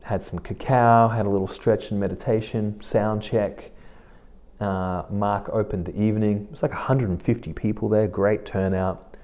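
A man talks through a solo podcast episode in a relaxed, rambling way. His voice sits low and sounds dark and mellow. He thinks aloud as he goes. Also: normal speed. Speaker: podcast host. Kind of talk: casual solo podcast monologue.

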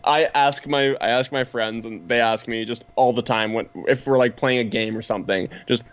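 A man co-hosting a podcast in casual chat, relaxed and agreeable, laughing easily. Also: lowish voice, fairly quick, hardly any pauses. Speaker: podcast co-host. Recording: slightly dull, lo-fi mic.

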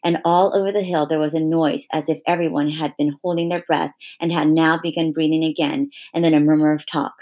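Woman reading a kids' chapter book aloud, low voice, steady and expressive. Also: brisk, few pauses. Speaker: reader. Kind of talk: reading a children's novel aloud.

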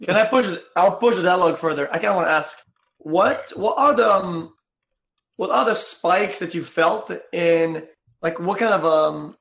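A man from Quebec with a French accent talks in a loose, rambling way, stopping and restarting as he swears. His voice sits high and has a gravelly fry. The sound carries an echoey room around it. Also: a bit bright. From Quebec, Canada. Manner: rambling, halting, swears casually. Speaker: streamer. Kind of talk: casual chat.

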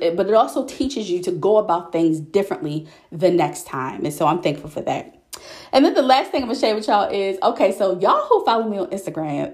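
A young woman podcast host chatting casually, telling a story in an animated way and calling her listeners y'all. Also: mid-range voice. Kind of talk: casual solo chat.

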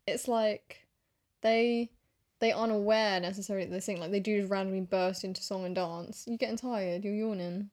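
A chatty woman co-hosts a casual podcast, talking in a gushing, giggly way. Her voice sits at an ordinary middle pitch. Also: steady tone, fairly quick, a little mellow. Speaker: podcast co-host. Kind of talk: casual chat.

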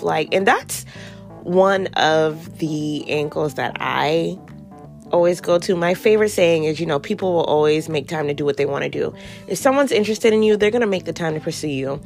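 A woman's voice: expressive, normal speed, creaky, a little mellow, faint music behind. A young woman hosting a podcast, giving blunt, sassy, profanity-laced commentary on a reality show. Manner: sassy, blunt, swears freely, mimics people in high voices. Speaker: podcast host reviewing reality TV. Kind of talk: casual commentary.

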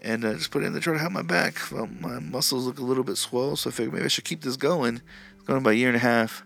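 A man's voice: mid-range voice, quick pace, creaky, fairly bright tone. A man voicing a drunk man who rambles and boasts about a bizarre home cure. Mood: boastful.

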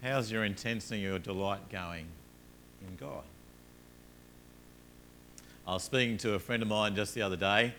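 A man preaching a sermon, telling everyday stories with rising energy, then dropping low and soft to make his points. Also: moderate pace, pauses often, a little hiss or hum. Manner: earnest, rises animatedly in stories, drops low and soft on points. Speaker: pastor.

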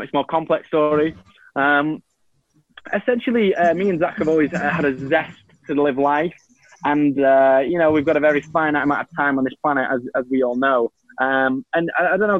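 Guesting on a talk show, this Mancunian YouTuber tells casual stories, rambling easily with lots of ums and frequent restarts. His pitch is fairly high, the recording has no room sound, and the highs are cut off.

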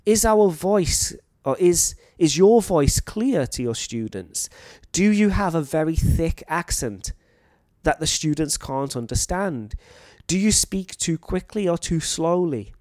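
A man's voice: a little high, expressive, slow, a little mellow, no room sound. A North Welsh man in his late thirties speaks in a slightly raised register, earnest and explanatory, like a teacher talking to colleagues. The recording is dry and close, with no room sound. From North Wales. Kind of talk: talk to fellow teachers.

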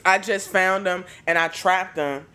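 A man hosting a podcast, telling stories in a casual, animated, profane way. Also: high-pitched, measured pace. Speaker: podcast host. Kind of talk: casual chat.

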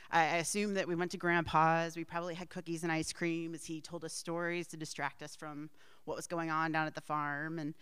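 A woman's voice: fairly low pitch, a bit bright, smooth, no echo. A middle-aged woman telling a personal family story in a rambling way, with asides and frequent laughs.

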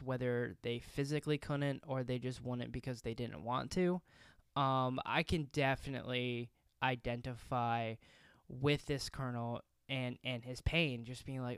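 A man's voice: medium pitch, fairly bright tone, clean tone, no room sound, studio quality. A man narrating history in a casual podcast style, with conversational, reflective asides and the odd filler.

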